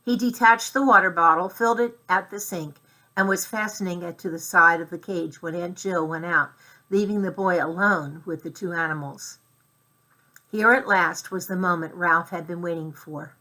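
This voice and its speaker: A woman reading a children's chapter book aloud in clear storytelling style. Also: lowish voice, normal speed, bright, forceful tone. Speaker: narrator.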